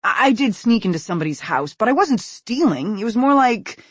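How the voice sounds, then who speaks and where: Desperate teen boy, voiced by a male narrator, high and husky. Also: sing-song, fairly quick, a bit bright, dry recording, full character voice. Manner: desperate, pleading. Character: panicked teenage boy caught sneaking into houses.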